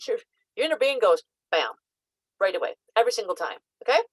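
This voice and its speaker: A woman psychic coach talking casually to camera, teaching with lots of "like" and "um" and lively acted-out asides. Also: mid-range voice, fast, slightly rough, no echo, poor audio.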